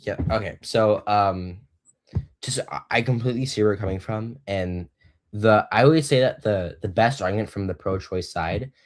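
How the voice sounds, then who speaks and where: Deep-voiced teen boy hosting a stream. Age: teens. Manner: halting, many fillers and restarts. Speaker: debate host. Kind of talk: casual live-stream debate hosting.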